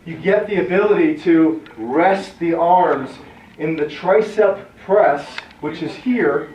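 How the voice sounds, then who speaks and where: A man's voice: a little high, takes it slowly, a little mellow. A male fitness trainer giving a workout lesson, calling out short commands and counting reps aloud as he demonstrates. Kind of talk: workout instruction. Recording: echoey, distant, dull sound.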